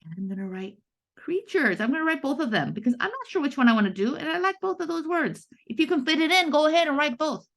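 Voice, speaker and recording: A woman's voice: high-pitched, animated, quick pace, gravelly, a bit bright. A woman teaching a first grade writing lesson, patient and sing-song, stretching out key words for young children.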